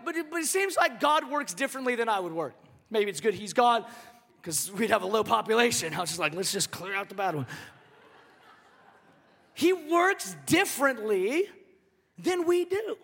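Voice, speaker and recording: A man preaching a sermon in an animated, joking, conversational manner. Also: very high voice, normal speed, gravelly, husky, big-room sound. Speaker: pastor.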